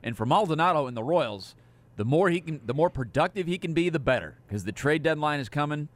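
A man's voice: a little high, lively intonation, a little fast. A middle-aged man hosting a sports radio show, chatting casually about baseball in a rambling, self-deprecating way.

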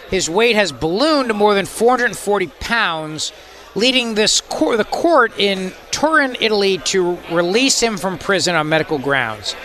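Brief: male talk radio host, mocking and rambling, high bright voice.

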